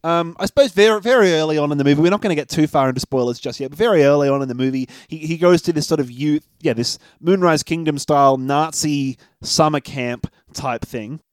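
A chatty man co-hosting a relaxed film podcast, laughing and swearing freely as he recaps the story. His voice sits slightly high for a man, recorded dry and close with no room sound. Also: fairly quick, few pauses, dry recording. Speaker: podcast co-host. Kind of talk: casual film review chat.

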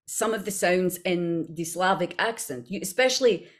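A woman with a Scottish accent, a voice actor chatting as an interview guest, self-deprecating and quick to laugh, with halting restarts. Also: fairly low pitch. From Scotland. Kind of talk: casual interview chat.

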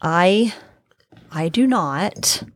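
A woman from Oklahoma co-hosting a podcast in casual chat, talkative and quick to laugh. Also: on the low side, lively intonation, no echo. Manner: chatty, restless, quick to laugh. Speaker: podcast co-host.

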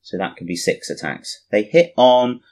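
A tired man chatting casually about a tabletop wargame, relaxed and laughing easily. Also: on the low side, moderate pace. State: tired, yawning.

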